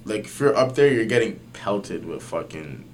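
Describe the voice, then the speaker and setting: A young man telling a story in casual podcast chat, slangy and animated, swearing often and using lots of fillers. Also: lowish voice, moderate pace, slight background noise. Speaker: podcast guest.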